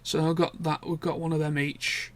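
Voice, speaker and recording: In a rambling vlog catch-up, a young man chats casually and candidly, letting slip the odd swear word. His voice is on the high side with little pitch movement, at normal speed, and there is no room sound.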